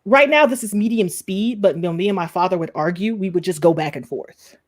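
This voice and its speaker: A woman co-hosting a casual chat who talks fast and excitably and laughs often. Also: on the low side. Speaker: co-host.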